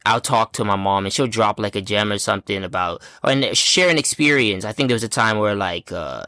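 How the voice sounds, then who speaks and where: A man's voice: lowish voice, brisk, dry recording. Young guy on a podcast, rambly, says bro, dry close sound. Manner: relaxed, rambling, calls people "bro". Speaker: podcast co-host. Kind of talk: casual chat.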